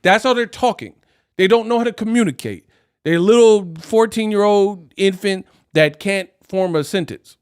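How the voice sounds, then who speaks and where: A man's voice: sits high, normal speed, smooth. A man hosting a live stream, ranting animatedly in casual talk and laughing often. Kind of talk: casual reaction rant.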